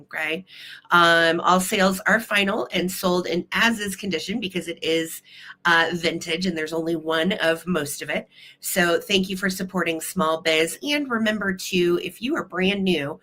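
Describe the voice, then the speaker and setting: A bubbly woman hosts a live sale, greeting her viewers one by one with silly nicknames. Her voice is bright and forward, though she is nursing a cold. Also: lowish voice, moderate pace. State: has a cold. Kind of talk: casual live-stream chat.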